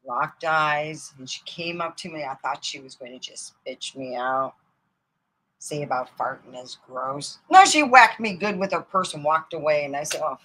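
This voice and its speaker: A middle-aged woman from Michigan telling rambling comic stories, swinging between loud outbursts and mutters and laughing at her own jokes. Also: deep voice, poor audio. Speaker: comedy storyteller. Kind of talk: casual comic storytelling.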